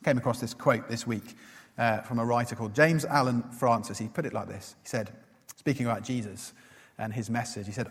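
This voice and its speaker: Male preacher, earnest sermon delivery with frequent fillers; husky voice, long hall reverb. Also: medium pitch, fairly even intonation, fairly quick. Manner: earnest, asks the listeners questions, many "uh" fillers.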